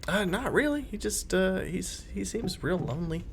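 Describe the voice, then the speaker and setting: A woman's voice: mid-range voice, expressive, normal speed, creaky, a little hiss or hum. A woman from Pennsylvania running a tabletop game, laughing and easily sidetracked. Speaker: game master.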